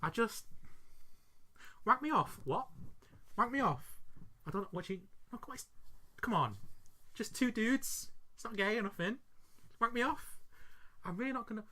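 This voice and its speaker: A woman putting on a creepy middle-aged man who mumbles and pleads sheepishly, with her voice pushed low. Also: lively intonation, normal speed, long pauses, bright, forceful tone. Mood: wheedling.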